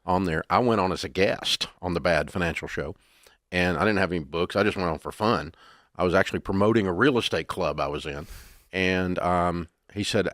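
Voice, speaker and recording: A man telling folksy, animated stories as a guest in a casual interview. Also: low voice, brisk, no room sound, studio quality.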